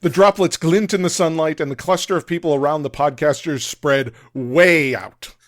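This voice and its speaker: A man reading his own novel aloud as a podcast guest, with steady, measured narration. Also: fairly high pitch, dry recording, clean studio sound. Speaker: author and guest.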